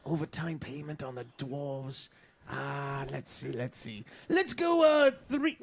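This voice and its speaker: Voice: medium pitch, very animated, slow pace, creaky, voice pushed down, exaggerated voice. A game master voicing a fussy, scheming fantasy shopkeeper who stammers through the sale in a tabletop role-play. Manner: flustered, stammering shop talk.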